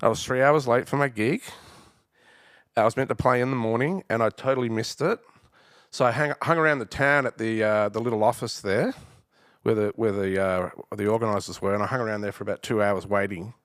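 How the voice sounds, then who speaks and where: A man's voice: fairly low pitch, a little fast, a bit bright, dry recording, studio quality. An Australian man, a guest artist, telling rambling stories in a casual podcast interview. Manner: rambling anecdotes with restarts and quoted dialogue.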